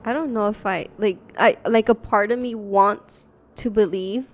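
A woman's voice: medium pitch, fairly even intonation, unhurried, crowd noise. A woman guest on a podcast, chatting casually about creepy experiences, swearing and laughing easily. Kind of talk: casual chat.

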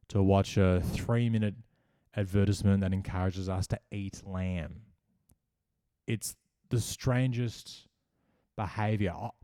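An Australian man hosting a satirical comedy monologue, with a dry, sardonic delivery and pauses. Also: on the low side, a little mellow, no echo. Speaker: comedian host.

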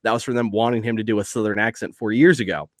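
A man's voice: on the low side, steady tone, quick pace, dry recording, clean studio sound. A man co-hosting a podcast, reading wrestling news aloud and ranting sarcastically about it, with frequent swearing. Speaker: podcast co-host. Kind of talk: casual podcast chat.

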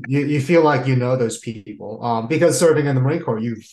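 A man co-hosts a casual podcast conversation. His voice sits at a middle pitch, and he talks chattily with plenty of filler words. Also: a little fast, a little mellow, poor audio.

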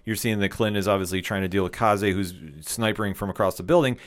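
Guy on a podcast going over an episode, lowish smooth voice, rambles a bit and gets excited. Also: fast talker. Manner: enthusiastic, rambling retelling with fillers. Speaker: podcast co-host. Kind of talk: casual episode recap chat.

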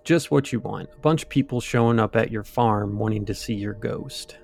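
A man's voice: fairly low pitch, normal speed, vocal fry, darkish tone. A man co-hosting a podcast, retelling a ghost story in a loose, rambling way with asides and fillers. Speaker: podcast co-host.

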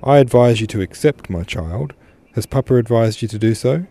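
A man reading aloud, voicing a gentle, composed mother who soothes her daughter. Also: medium pitch, lively intonation. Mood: firm. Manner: soothing, measured.

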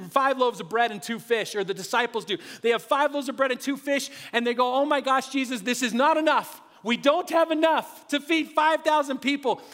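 A man preaching a sermon as pastor of a church, talking to the congregation in a lively, conversational way. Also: extremely high pitch. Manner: energetic, conversational preaching, drops to a hushed voice near the end. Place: church sanctuary. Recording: long reverb of a large hall.

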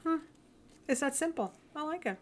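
Woman co-host, casual chat, relaxed soft-spoken storyteller. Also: sits high, normal speed.

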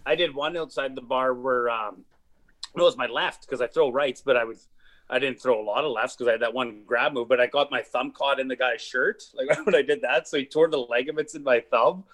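A man with a medium-pitched voice talks briskly in a casual podcast chat. He tells long, rambling, animated stories full of swearing and fillers.

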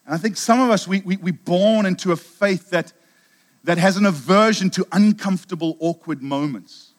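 A man's voice: high-pitched, normal speed. A middle-aged man with a South African accent, preaching a sermon in a chatty storytelling way with many restarts. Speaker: pastor.

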